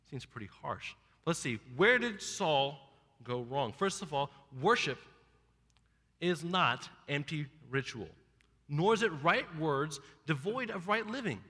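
A man preaching a sermon, retelling a Bible story with lively, acted-out asides. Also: on the high side, measured pace, breathy edge, in a large hall. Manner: animated storytelling, acting out biblical characters. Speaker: pastor.

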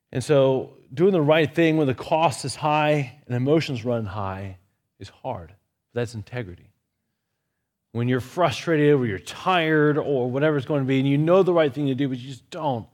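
A man's voice: mid-range voice, darkish tone. A man leading a church Bible study in a conversational teaching style, mixing lighthearted personal stories with Scripture. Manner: anecdotal, lightly humorous.

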